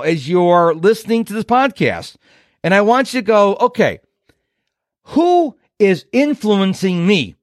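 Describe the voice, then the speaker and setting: Hosting his motivational podcast, a man in his fifties who works as a productivity coach hits his points hard and impersonates other people's voices. The voice is high, with a clean, echo-free studio sound.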